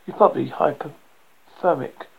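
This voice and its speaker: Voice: mid-range voice, unhurried, creaky, breathy edge, narrow, tinny audio. A storyteller voicing a worn-out but firm man who keeps a group of desert survivors together. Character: weary, steady man leading desert survivors.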